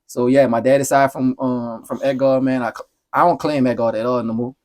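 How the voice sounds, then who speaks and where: A man in his thirties telling stories as a podcast guest, animated and profane, rambling through anecdotes. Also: mid-range voice, a little fast. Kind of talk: casual storytelling.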